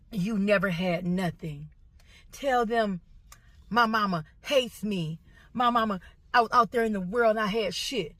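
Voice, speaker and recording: A woman's voice: lowish voice, no room sound. A middle-aged woman gives an emotional rant to camera as a social media poster, talking in an emphatic, repetitive, confrontational way.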